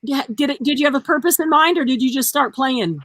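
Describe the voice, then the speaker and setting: A woman's voice: sits high, fast talker, fairly bright tone. A woman co-hosting a casual video chat, eagerly prompting the others with questions. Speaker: co-host of a craft video chat. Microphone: video call.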